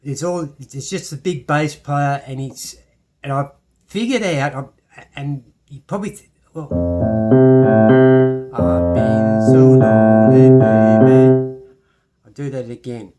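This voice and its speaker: A man's voice: mid-range voice, normal speed. A man with an Irish accent teaching a casual piano lesson, chatty and self-deprecating, with many restarts. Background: piano playing.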